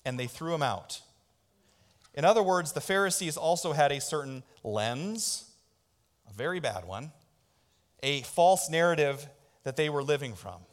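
A man's voice: fairly high pitch, animated, unhurried, long pauses. A man pastor preaching a sermon in a church, calling on the congregation to answer back. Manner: call-and-response preaching. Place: church sanctuary. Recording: long reverb in a church hall.

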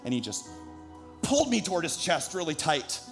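A man's voice: on the high side, very animated, normal speed, a bit bright, soft background music. A man in his thirties, a pastor preaching a sermon, telling a personal story earnestly before building to emphatic preaching.

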